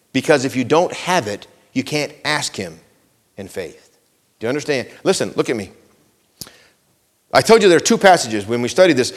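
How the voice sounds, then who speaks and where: A man's voice: a little high, in a large hall. Earnest man preaching a sermon. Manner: earnest, pleading, pushes listeners with repeated questions; swings between hushed intensity and raised urgency. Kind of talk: sermon, teaching from scripture.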